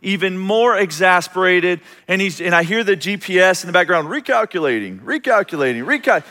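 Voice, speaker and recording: Male pastor, high bright voice, story-driven sermon, big reverberant sanctuary. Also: steady tone, fairly quick. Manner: storytelling, acts out quoted voices, self-interrupting restarts. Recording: long reverb of a large hall.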